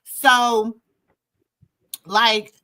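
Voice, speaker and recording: Host, woman with a Southern accent, bright clear tone, laid-back storyteller. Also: fairly high pitch, flat delivery, extremely slow, rough recording. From Minnesota. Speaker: channel host. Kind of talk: casual live chat.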